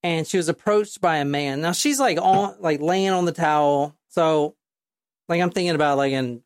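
Podcast host, woman, low voice, casual and profane, dry mic. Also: normal speed, no room sound. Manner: profane, rambling storyteller with many fillers. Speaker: podcast host telling a true crime story. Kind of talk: casual chat.

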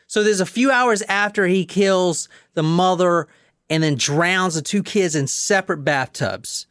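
A man with a notably high voice hosts a loose true-crime chat. He drifts between reading quotes and joking, swearing freely and laughing often. The sound is dry and close, with no room around it. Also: a little slow, a bit bright, smooth, no echo. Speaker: host.

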